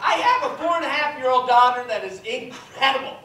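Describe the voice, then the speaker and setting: A man performing a stand-up comedy set in a theater, deadpan with sudden loud outbursts. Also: very high voice, fairly quick, far from the mic. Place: theater stage with live audience. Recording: echoey theater heard from afar, audience noise.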